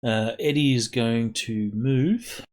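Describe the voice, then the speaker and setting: A man playing at a tabletop game, describing his character's moves with relaxed, dry remarks. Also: mid-range voice, takes it slowly. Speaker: player. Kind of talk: casual table talk.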